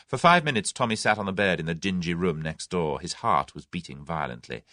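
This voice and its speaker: Expressive male audiobook narrator. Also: deep voice, a little fast, few pauses, dry recording, clean studio sound. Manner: expressive storytelling. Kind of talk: scripted narration.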